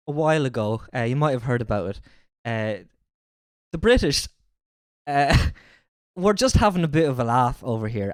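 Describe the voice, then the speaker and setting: A man's voice: medium pitch, smooth, no room sound, clean studio sound. A man from Wicklow with an Irish accent, chatting casually on his livestream, joking and swearing a lot. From Ireland, Wicklow. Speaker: livestream host. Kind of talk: casual streaming chat.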